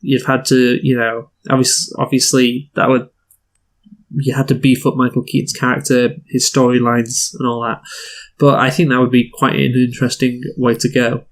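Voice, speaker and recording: A man's voice: medium pitch, little pitch movement, moderate pace. Opinionated man in casual film review chat. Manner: opinionated, acts out lines in put-on voices.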